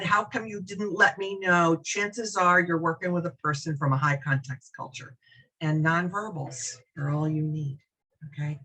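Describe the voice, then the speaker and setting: A woman's voice: on the low side, fairly bright tone, husky, low-quality recording. A middle-aged woman teaching a recorded business workshop, chatting with attendees by name and checking in with "okay?" after each point. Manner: conversational, addresses attendees by name, frequent "okay?" check-ins. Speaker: business trainer.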